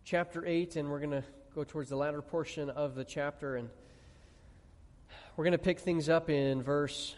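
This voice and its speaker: A man's voice: a little high, fairly even intonation, moderate pace. Emphatic preacher man, echoing hall. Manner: emphatic, asks the audience questions, drops to quiet on key words. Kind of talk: sermon. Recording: long reverb of a large hall.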